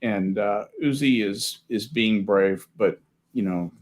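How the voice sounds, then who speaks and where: A male podcast host in a casual group chat, talking haltingly with restarts and wry jokes. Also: lowish voice.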